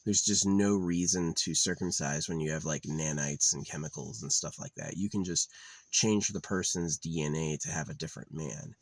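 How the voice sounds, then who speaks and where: A man's voice: a bass voice, moderate pace, no echo. A man ranting profanely in a casual monologue, exasperated and mocking the people he argues with. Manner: profane, exasperated, mocks others in put-on voices. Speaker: vlogger.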